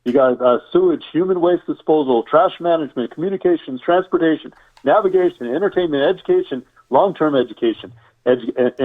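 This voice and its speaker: Man explaining over a tinny line. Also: on the high side. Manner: enumerating, repetitive, rhetorical questions. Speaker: survival expert guest. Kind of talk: conversational interview explanation.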